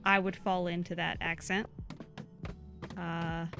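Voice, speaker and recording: A woman's voice: on the low side, little pitch movement, slow pace, gravelly, music in the background. Chatty woman with a Southern US accent. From southern United States. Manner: chatty and rambling, reading chat aloud. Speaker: co-host of a game livestream. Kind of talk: casual livestream chat.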